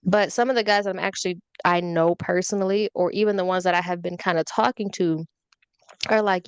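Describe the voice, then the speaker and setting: A woman's voice: medium pitch, fast, smooth, dry recording. A young woman, chatting candidly on a podcast about dating and trolls, telling stories with swearing and sass. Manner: petty, candid, animated storytelling with swearing. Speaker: podcast guest, social media influencer. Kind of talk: casual podcast chat.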